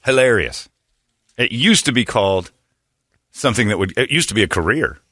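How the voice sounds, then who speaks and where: A middle-aged man with a lowish, sharp-toned, animated voice hosts an opinionated morning radio show, ranting brashly, quick to mock and slipping into put-on voices. The recording is dry.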